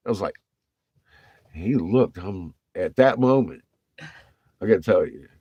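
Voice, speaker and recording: A man's voice: sits low, expressive, a little slow, warm tone, slightly rough, dry recording, muffled recording. A man telling rambling, profane stories about his navy days in casual vlog talk, laughing often between lines.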